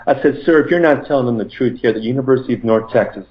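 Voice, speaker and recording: Guy on a podcast telling a story, earnest, lots of "you know"s, middle pitch, kinda echoey and a bit dull. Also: racing. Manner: earnest, animated retelling with many fillers. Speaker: podcast guest. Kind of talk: conversational interview storytelling. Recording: roomy, slightly dull recording.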